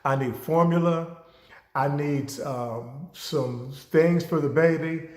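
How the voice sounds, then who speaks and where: A man's voice: on the high side, slow pace. A man doing a pleading young panhandler. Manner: pleading, rambling. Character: desperate young man begging for baby money. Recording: roomy echo.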